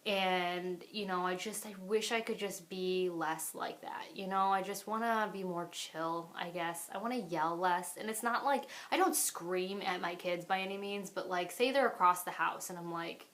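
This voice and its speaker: A young woman vlogging from home in a low-pitched voice, talking openly and meandering from thought to thought. She fills her sentences with "like" and "I don't know" as she speaks straight into the camera. The delivery is loose, personal and unscripted. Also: fairly bright tone. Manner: rambling, candid, full of "like" and "I don't know". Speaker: vlogger and mother. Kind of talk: candid talk to camera.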